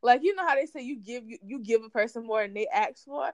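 A woman's voice: a little high, fast talker, darkish tone, no room sound. A woman co-hosting a podcast, chatting casually and animatedly about celebrity gossip, swearing freely and laughing often. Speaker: podcast co-host.

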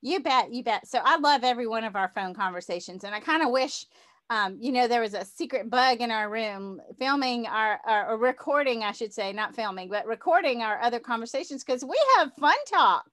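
A woman's voice: fairly high pitch, a little fast, fairly bright tone. Bubbly Southern woman hosting a podcast. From Louisiana, US South. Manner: bubbly, enthusiastic, laughs often. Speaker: podcast host. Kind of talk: casual interview chat.

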